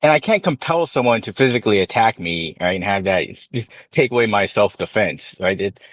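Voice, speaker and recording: Sex: man. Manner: halting, probing. Pitch: lowish, very animated. Sound: dry, close call audio. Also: no room sound, dull audio. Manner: halting, questioning. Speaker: debate panelist. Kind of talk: online debate. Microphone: online call.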